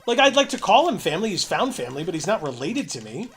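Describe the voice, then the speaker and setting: A man's voice: sits high, big pitch swings, quick pace, fairly bright tone, faint music behind. A man co-hosting a casual gameplay livestream, joking and swearing at the game as he plays. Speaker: co-host playing the game.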